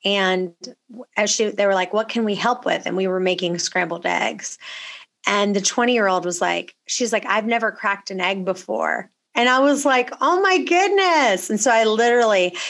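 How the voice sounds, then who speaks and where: Bright, gravelly-voiced woman host. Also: medium pitch, steady tone, normal speed. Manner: chatty, storytelling, upbeat. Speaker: podcast host. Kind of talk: casual interview chat and read ad.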